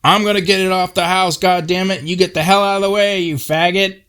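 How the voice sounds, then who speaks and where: A man voicing a gruff, short-tempered working man with blunt, profane backwoods talk. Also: fairly low pitch, normal speed, close to an everyday voice. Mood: yelling angry.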